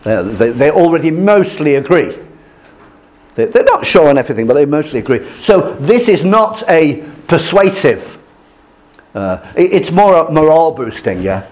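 Casting: older male lecturer, slightly high voice, very animated delivery, storyteller. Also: normal speed. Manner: lively, storytelling, acts out quoted voices. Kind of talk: classroom lecture.

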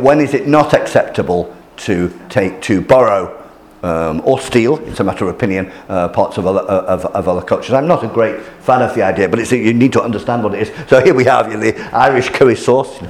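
A man's voice: medium pitch, normal speed, darkish tone. A man giving an informal lecture to a class, hesitant with many restarts and fillers, chuckling at his own jokes. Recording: roomy hall echo.

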